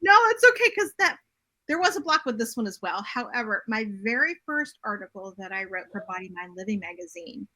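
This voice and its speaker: A middle-aged woman talking as a podcast guest, telling her story in a direct, animated way. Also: mid-range voice, a little fast. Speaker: podcast guest, bodymind coach and writer. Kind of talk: casual interview chat.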